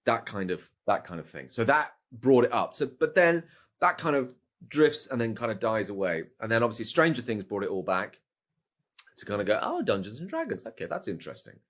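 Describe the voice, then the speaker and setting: A man's voice: fairly low pitch, normal speed, fairly bright tone. A middle-aged British man, a voice actor, chatting casually in an interview, rambling with restarts and playful asides. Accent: British English. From Britain. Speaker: voice actor guest.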